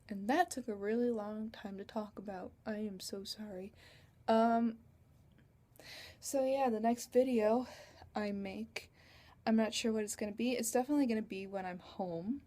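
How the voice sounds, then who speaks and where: A chatty teenage girl rambles through a story for her vlog and giggles as she goes. Her voice is mellow and warm, and it is recorded through a computer webcam. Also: on the high side, normal speed. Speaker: vlogger.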